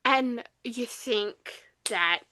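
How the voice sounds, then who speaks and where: Bright high-voiced young woman, chatty. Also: drawn-out words, no room sound. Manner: animated retelling with frequent fillers. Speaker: podcast co-host. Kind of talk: casual book review chat.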